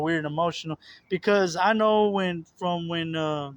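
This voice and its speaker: A young man with a slightly raised pitch talks in a loose, confessional monologue. He rambles, doubling back on his words and stringing thoughts together with fillers. The tone is earnest and personal. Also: moderate pace, no echo, lo-fi sound. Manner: rambling, repeats words and restarts, many fillers. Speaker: religious video host. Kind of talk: casual spiritual monologue.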